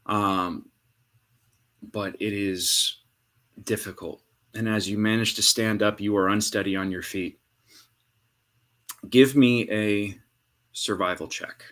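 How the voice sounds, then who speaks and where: Man, game master, bright voice, lowish pitch, dramatic hushed narration. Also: steady tone. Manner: dramatic storytelling with hushed pauses.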